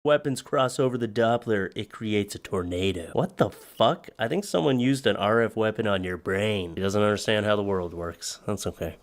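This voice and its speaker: A man reading out posts in comedic narration, deadpan and sarcastic. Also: lowish voice, moderate pace, few pauses.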